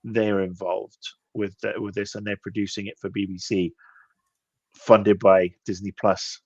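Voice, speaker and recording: A man with a fairly low voice chats on a podcast, wandering through his thoughts and halting to start sentences over. His audio is dry and close, with no room sound. It comes through dull and lo-fi. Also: flat delivery, breathy edge, no room sound. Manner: rambling, halting with restarts. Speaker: podcast co-host. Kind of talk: casual chat.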